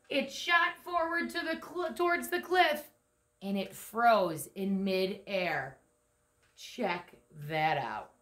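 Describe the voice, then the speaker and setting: A woman reading a picture book aloud to children, lively and animated, stopping to ask the young listeners questions. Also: on the high side, a little slow. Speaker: storyteller. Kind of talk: children's story read-aloud. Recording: echoey room.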